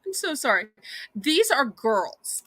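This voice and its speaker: A woman's voice: high voice, very animated, slow pace, bright, forceful tone, slightly rough, no echo. A woman with a Southern US accent hosting a live home-shopping auction, chatty and sweet, calling the viewers y'all.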